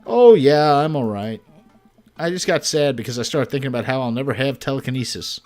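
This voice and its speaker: A sarcastic teenage girl from a dating-sim game, as a man reads her, with dry, deadpan delivery and flat, unbothered timing. Her lines come out lower and quieter than the reader's usual talk. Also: brisk, lightly acted.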